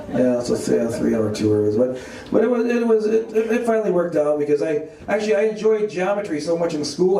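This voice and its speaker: A man's voice: on the high side, far from the mic. A man doing a stand-up comedy set on a club stage, telling rambling self-deprecating stories to an audience that laughs along. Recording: echoey club, voice off-mic, crowd laughter.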